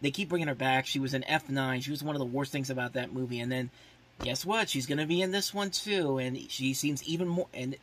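On his podcast, a man gives a loose, meandering movie preview, stuffed with "like" and frequent restarts. His mid-range voice has a breathy edge. He sounds opinionated and openly exasperated about the films.

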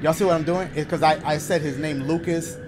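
Over a noisy background, a man hosting a horror-game let's-play keeps up joking, profane commentary, yelping at the scares. His voice is on the high side, steady in tone, and fairly quick.

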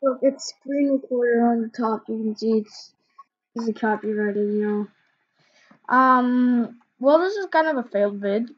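A woman talks through a reaction video in a high, slightly husky voice. She rambles and hesitates, starting sentences over and filling gaps with ums. The recording sounds dull and lo-fi. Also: unhurried. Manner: rambling, hesitant, many fillers and restarts. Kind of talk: casual reaction commentary.

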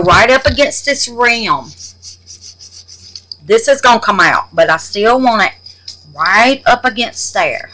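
A woman's voice: a little high, big pitch swings, slow pace, a bit bright, low-quality recording. A woman hosting a casual crafting tutorial, chatting away, exclaiming to the Lord and muttering half-whispered asides to herself. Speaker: resin craft channel host.

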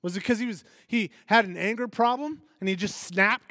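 Male pastor, conversational sermon, slightly high voice, dry close sound, asks the room questions. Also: normal speed, hardly any pauses, no room sound. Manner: animated, asks the congregation questions, acts out quoted voices.

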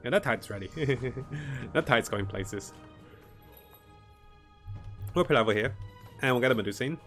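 A man's voice: medium pitch, expressive, moderate pace, fairly bright tone, faint music behind. A man streaming a strategy game, thinking his moves aloud, greeting viewers and chuckling often. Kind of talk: live gameplay commentary.

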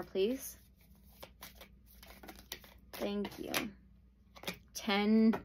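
Woman, tarot reader, unhurried, soothing, excitable outbursts. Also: fairly high pitch, a little hiss or hum. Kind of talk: pick-a-pile tarot reading.

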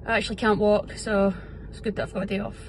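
This pro footballer, a young Scottish woman, speaks fast in a medium-pitched, level voice, with a little hiss or hum on the recording. In her casual day vlog, shot indoors at home and the training ground, she talks to her phone camera in an upbeat, chatty, self-deprecating way, whispering early on.

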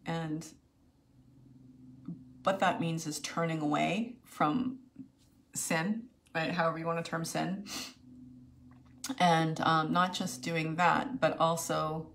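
A woman's voice: deep voice, level tone, a bit bright, slight background noise. Emotional woman telling a personal story. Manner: emotional, halting, many restarts and fillers. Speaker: video host sharing a personal story.

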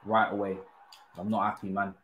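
Exasperated young man, low voice, echoey. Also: little pitch movement, moderate pace, fairly bright tone, slight background noise. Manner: exasperated, swearing, frequent sighs. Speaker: gaming streamer. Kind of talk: live gameplay commentary.

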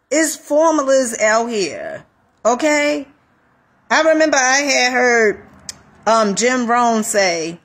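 A woman life coach giving a casual motivational talk, animated, repeating phrases and calling listeners honey. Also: a little high, breathy edge.

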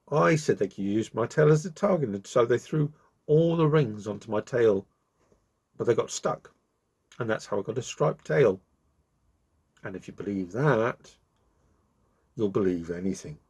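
An angry ring-tailed lemur from a children's tale, snapping and then spinning a joking story, voiced by a man. The voice is husky with lively pitch swings. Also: moderate pace, long pauses, muffled recording. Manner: snappish, mocking.

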